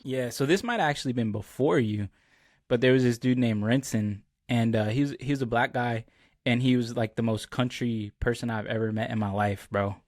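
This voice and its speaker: A man's voice: medium pitch, brisk, no echo, clean studio sound. A man hosting a podcast, chatting casually and telling stories with lots of "like" and "bro". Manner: relaxed storyteller, many "like" and "bro" fillers. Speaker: podcast host. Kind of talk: casual chat.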